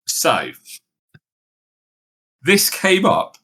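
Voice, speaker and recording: A man's voice: a little high, huge pitch swings, extremely slow, sharp tone, husky. A man co-hosting a casual podcast chat, jokey and talkative. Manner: chatty, jokey, puts on mock voices. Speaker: podcast co-host.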